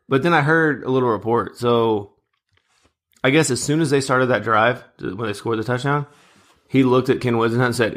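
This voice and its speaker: A man's voice: medium pitch, brisk, a bit bright. A man in his thirties co-hosting a sports podcast, chatting casually, joking and reading out stats. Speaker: podcast co-host.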